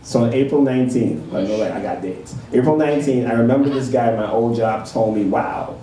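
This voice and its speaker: Mellow-voiced male host, echoey room. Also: mid-range voice, fast talker. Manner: reads posts aloud, laughs easily. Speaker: host, interviewer. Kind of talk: casual talk-show interview. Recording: echoey room, mic far off, faint noise.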